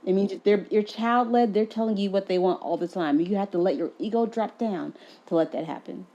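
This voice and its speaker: A woman's voice: mid-range voice, fairly quick, dark tone. A woman who is a mother, talking in a conversational podcast interview, earnest and often affirming the other speaker. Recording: dull lo-fi sound.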